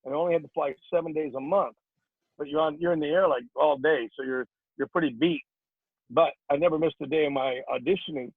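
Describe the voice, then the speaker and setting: A man's voice: on the high side, steady tone, fast talker, slightly rough, no echo. An older man, an actor and comedian, telling jokey stories in a casual interview and slipping into put-on voices, over a tinny phone-like line.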